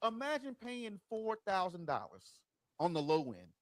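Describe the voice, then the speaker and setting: A man with a high, very lively voice tells stories in a loose podcast chat, swearing freely and acting out every quote. The sound is dry and close, with no room around him. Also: moderate pace, dry recording. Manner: profane, animated, acts out quotes. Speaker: podcast host. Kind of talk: casual storytelling chat. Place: studio.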